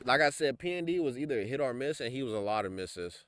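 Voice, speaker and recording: A man's voice: mid-range voice, animated, fast, fairly bright tone, dry recording. A young man co-hosting a podcast, talking music in a laid-back, slangy way with lots of "like" and "bro". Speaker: podcast co-host. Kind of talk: casual chat.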